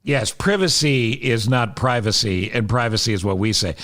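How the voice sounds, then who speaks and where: A man's voice: on the low side, a little fast, a bit bright. An American man hosting a comic casual chat and teasing his guest with jokes and quizzes. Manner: teasing, joking interviewer. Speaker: podcast host.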